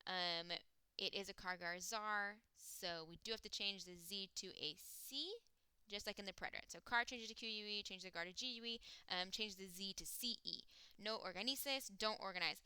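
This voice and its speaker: A woman teaching a recorded language lesson, explaining step by step with frequent fillers and slowing down to sound out words. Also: medium pitch, pushed and bright, clean tone, dry recording. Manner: slows down to sound out words and sings a mnemonic. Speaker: Spanish teacher. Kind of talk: recorded classroom lecture.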